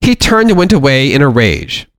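A man's voice: mid-range voice, wildly swooping pitch, moderate pace, fairly bright tone, no echo. A man teaching a Bible lesson, reading long scripture passages aloud and then explaining them in plain, earnest words.

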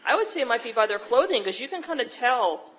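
A woman in a casual Bible study discussion, thinking out loud as she works through her answer. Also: a little high, sing-song, fast talker, breathy edge, low-quality recording. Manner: thoughtful, reasons out loud.

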